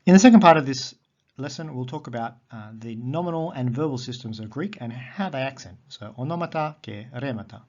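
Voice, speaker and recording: A man teaching a recorded lesson on Greek accents, methodical and repeating key terms slowly. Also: mid-range voice, expressive, a little mellow, lo-fi sound.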